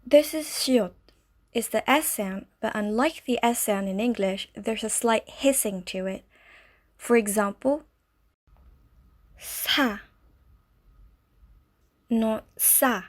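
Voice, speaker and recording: A woman narrating a scripted language lesson, explaining step by step in a slow, clear way. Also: on the high side, a little mellow. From Malaysia. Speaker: language teacher.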